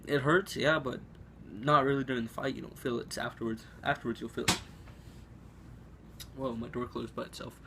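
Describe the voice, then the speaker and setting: A teenage boy tells a school story to his camera in a loose, rambling way, leaning on fillers and starting lines over. His voice sits at a middle pitch. A faint room hum sits behind him at home. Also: fairly even intonation, moderate pace. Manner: rambling, filler-heavy, restarts often. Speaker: vlogger. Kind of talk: casual storytelling.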